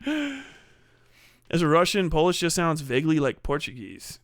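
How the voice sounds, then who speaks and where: A man's voice: fairly high pitch, big pitch swings, unhurried, no room sound, clean studio sound. A middle-aged man live streaming, reading donations in casual chat, profane and rambling. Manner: profane, rambling, laughs often.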